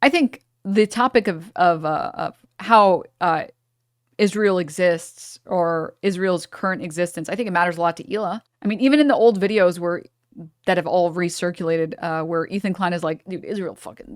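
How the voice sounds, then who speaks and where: A woman streamer talks straight to her chat, blunt and casual, with the odd curse. Her voice sits on the low side, and the sound is close and dry with no room around it. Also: normal speed, no room sound. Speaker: streamer reacting to a video. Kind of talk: casual live-stream commentary.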